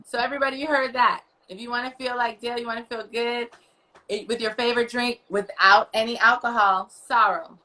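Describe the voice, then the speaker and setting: American lady hosting her podcast, bubbly and laughing, bright voice. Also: on the high side, steady tone, fairly quick, poor audio. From United States. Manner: upbeat, laughing, teasing. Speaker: podcast host. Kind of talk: casual video interview.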